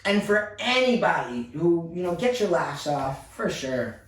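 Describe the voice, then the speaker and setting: An exasperated man rants as a frustrated basketball fan, piling up complaint after complaint. His voice sits a little high for a man. It comes from some distance off the mic, in a room with a roomy echo. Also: big pitch swings, measured pace. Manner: exasperated, repetitive ranting.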